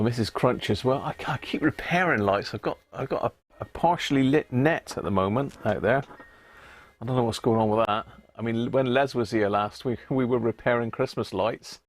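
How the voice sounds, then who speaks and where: A man's voice: mid-range voice, dry recording. A man from Britain hosting a casual live stream, chatting away, often laughing and thanking viewers. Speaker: livestream host.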